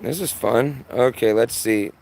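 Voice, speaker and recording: A man streaming live outdoors from his yard on a phone camera. He comments on the sky in an urgent, excitable way and keeps repeating himself. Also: mid-range voice, a little slow, gravelly. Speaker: livestreamer.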